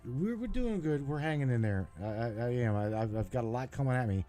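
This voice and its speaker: A man's voice: fast talker, soft background music. Emphatic man hosting a call-in show. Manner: emphatic, swearing freely, swinging between low and excited. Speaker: host. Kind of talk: casual call-in chat.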